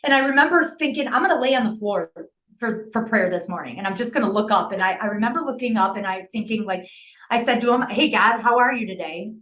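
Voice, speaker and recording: Earnest, storytelling woman, higher voice. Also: quick pace, fairly bright tone. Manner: earnest, emotional storytelling with many restarts. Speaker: podcast guest. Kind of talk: casual interview chat.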